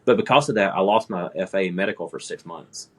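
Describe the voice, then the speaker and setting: A low, husky male voice tells a story in an easygoing way, laughing at his own mishaps. He is a man in his thirties talking with friends. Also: brisk. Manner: relaxed anecdotal storytelling, laughing at himself. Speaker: air traffic controller, guest. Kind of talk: casual storytelling.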